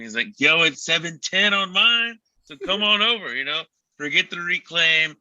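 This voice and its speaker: Chill guy in a band rambling along, super bright voice, dull lo-fi sound. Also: on the high side, lively intonation, fairly quick, no room sound. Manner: laid-back, rambling storyteller. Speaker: band member. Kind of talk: casual chat on a livestream.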